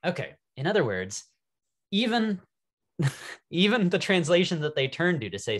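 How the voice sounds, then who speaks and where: A young adult man teaching a Bible class, animated and wry, thinking aloud as he goes. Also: fairly high pitch, measured pace, long pauses. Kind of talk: classroom lecture.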